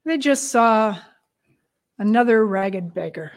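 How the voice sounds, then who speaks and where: Woman storyteller, high voice, slow and expressive, dramatic retelling. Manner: expressive, with hushed moments and long pauses.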